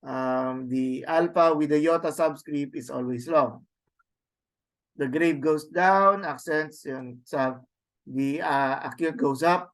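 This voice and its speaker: A man teaching a class, slowly sounding out words and repeating them with tag questions. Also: on the high side, fairly bright tone. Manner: slow, repetitive drilling with tag questions. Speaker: Greek teacher. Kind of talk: classroom lesson, reading words aloud.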